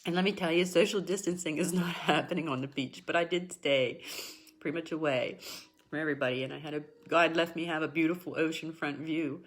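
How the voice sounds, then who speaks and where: A woman's voice: low-pitched, steady tone, brisk. A middle-aged woman hosting a spiritual talk show, speaking earnestly and encouragingly to her viewers and repeating herself for emphasis. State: tearful at times. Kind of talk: emotional personal talk to viewers.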